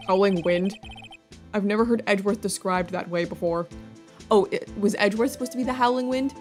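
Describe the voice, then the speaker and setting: A woman's voice: mid-range voice, a little fast, faint music behind. Joking woman playing a game. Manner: joking, amused. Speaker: let's play host. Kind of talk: casual commentary.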